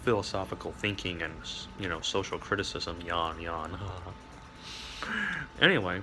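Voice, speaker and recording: A man's voice: sits low, fairly even intonation, normal speed, background noise. A man rambling through a wry, digressive monologue, full of asides and chuckles. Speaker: vlogger.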